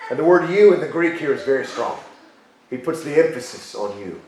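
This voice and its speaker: A man preaching a sermon as pastor, emphatic, repeating key phrases and slowing down for stress. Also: medium pitch, darkish tone, a little hiss or hum. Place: church sanctuary. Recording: very echoey church hall.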